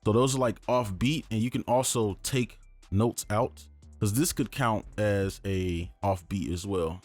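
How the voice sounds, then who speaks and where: Over music, a young man with a fairly low voice and a slightly slow pace teaches beat production in a casual screen-recorded tutorial. His manner is easygoing and conversational, with frequent "um" and "right?".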